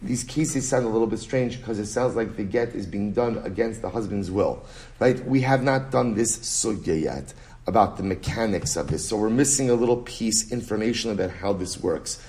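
Lively rabbi teaching Talmud, English. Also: male voice, fairly low pitch, normal speed. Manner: animated, conversational, reads Aramaic then explains in English; frequent "right?" and restarts, storytelling tone. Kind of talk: Talmud lecture.

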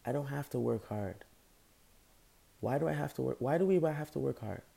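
A man's voice: mid-range voice, normal speed, gravelly, dark tone, slightly rough. A young man giving an impassioned, rambling motivational monologue as a show host, talking casually with slang. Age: young adult. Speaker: podcast host.

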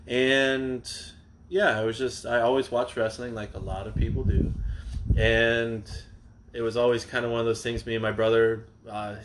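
A man's voice: mid-range voice, little pitch movement, normal speed, noisy background. Joking, rambling man in his thirties. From Charlotte, North Carolina. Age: 30s. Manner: joking, rambling storyteller with frequent fillers. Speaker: wrestler guest. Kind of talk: casual podcast interview.

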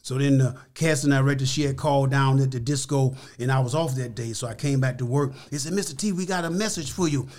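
An older man telling stories as a podcast interview guest, emphatic and animated, acting out the voices of people he quotes. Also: mid-range voice, fast talker, few pauses. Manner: emphatic, repeats key words.

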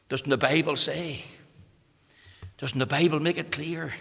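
A Northern Irish man preaching a sermon, impassioned and moving from loud urgency to hushed intensity. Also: fairly high pitch, fairly even intonation, a little slow, gravelly, long pauses, big-room sound.

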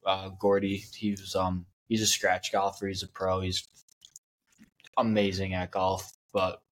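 A man's voice: low-pitched, flat delivery, measured pace, fairly bright tone. A young man co-hosting a podcast, laid-back and chipping in on a friend's stories in casual chat. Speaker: podcast co-host.

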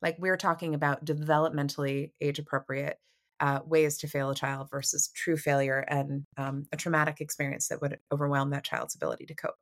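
A woman therapist, a guest on a podcast, explaining ideas in a measured way and often checking in with "right?". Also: deep voice, flat delivery. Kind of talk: podcast conversation.

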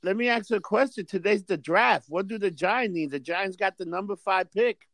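A man's voice: sits high, normal speed, fairly bright tone, no echo. A man in casual chat, rambling and swearing with lots of fillers. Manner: laid-back, profane, rambling with fillers.

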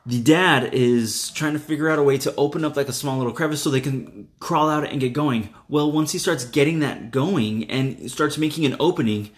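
A man co-hosting a podcast, recapping a movie in casual chat, animated and a bit crude. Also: medium pitch, moderate pace, few pauses. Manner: animated, swearing, playful voices in retellings. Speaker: podcast co-host.

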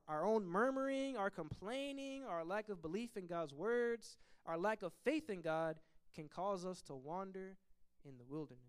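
A man teaching a church Bible study in an animated preaching style. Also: high-pitched, clear, resonant tone. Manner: animated preaching, acts out complaining voices.

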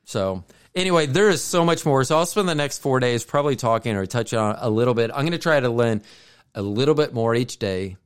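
Smooth-voiced man telling a rambling story. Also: medium pitch, expressive, fairly quick. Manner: rambling storyteller, many asides and restarts. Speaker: podcast co-host. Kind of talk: casual chat.

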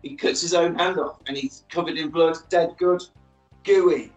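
A man's voice: a little high, steady tone, moderate pace, a little mellow, roomy sound, soft background music, poor audio. Man retelling a film. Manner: storytelling, acting out characters' lines. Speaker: podcast co-host. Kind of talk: casual film recap.

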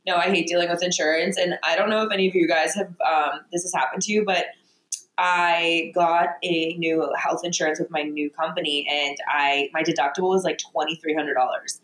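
A woman's voice: lowish voice, steady tone, a little fast, fairly bright tone. A young woman co-hosting a podcast, frank and indignant in casual chat, swearing now and then. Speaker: podcast co-host. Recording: roomy echo.

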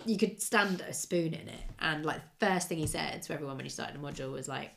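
A woman co-hosting a podcast in casual chat, chatty and quick to react. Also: deep voice, vocal fry, a little hiss or hum. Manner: chatty, reactive, laughs along. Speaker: podcast co-host.

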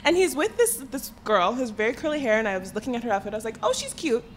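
A young woman telling a funny story in casual chat, animated and giggly, jumping into high squealing voices for quotes. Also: rapid-fire, slight background noise.

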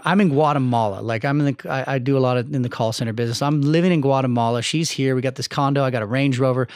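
A man's voice: mid-range voice, no echo, clean studio sound. A man guest on a podcast, telling a personal story candidly and with plenty of profanity. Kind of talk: casual interview storytelling.

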